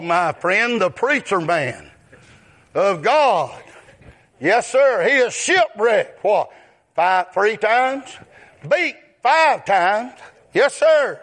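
A man preaching a sermon in a drawn-out delivery, breaking into shouted high exclamations and repeating short call-outs to the congregation. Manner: repeats call-outs like "yes, sir" and "huh?".

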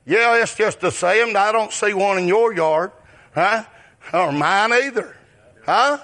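Brief: male preacher, high bright tenor, slow drawn-out sermon, shouts on peaks, keeps asking the crowd "huh?". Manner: drawn-out delivery that rises into shouted high exclamations; repeats call-outs like "yes, sir" and "huh?".

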